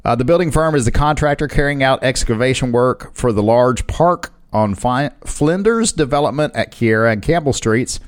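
Male co-host, animated pitch, playful quips over news reads. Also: moderate pace, hardly any pauses. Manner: playful wisecracks, lively. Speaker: co-host reading news stories. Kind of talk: casual banter reading news.

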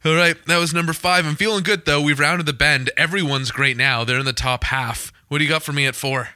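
A man's voice: on the high side, steady tone, fairly quick, sharp tone, no room sound. A man hosting a podcast in casual chat, reacting with enthusiasm and moving the countdown along. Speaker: podcast host.

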